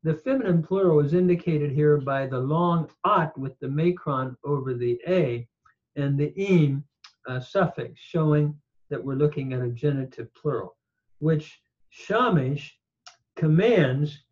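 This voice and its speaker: Man, lecturing teacher, slightly high voice, unhurried and halting, muffled low-fi sound. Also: a little mellow. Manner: measured, pausing, frequent "uh" fillers. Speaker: teacher of ancient languages. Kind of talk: slow lecture with recited quotations. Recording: dull lo-fi audio.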